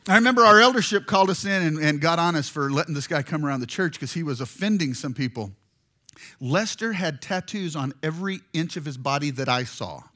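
A man preaching a storytelling sermon, animated and jokey, acting out voices as he goes. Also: a little high, a little fast. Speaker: pastor.

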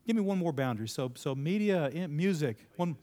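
Fairly high-pitched yet dark in tone, this man's voice is animated and fairly quick as he speaks to a live audience. His sermon-like talk is conversational, with questions to listeners, their answers repeated back, and sudden emphatic lifts.

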